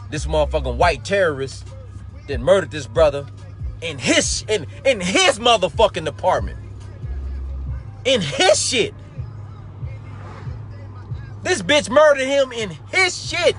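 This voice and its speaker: A man with a notably high voice tears into a furious, profanity-laced rant on a live talk show, hammering his points again and again. Faint music plays underneath him throughout. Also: very animated, measured pace, long pauses, fairly bright tone. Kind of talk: angry commentary monologue. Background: faint background music.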